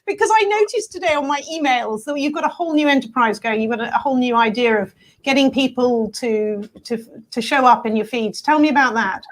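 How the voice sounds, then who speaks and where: A woman's voice: sits high, brisk. A woman co-hosting a chat show, prompting the guest with questions and short reactions over a video call. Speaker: co-host. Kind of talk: casual interview chat.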